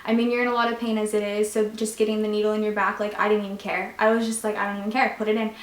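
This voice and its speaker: A woman's voice: mid-range voice, level tone, quick pace. A young woman casually retelling a personal story on a vlog, chatty and full of fillers. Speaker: vlogger. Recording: echoey room.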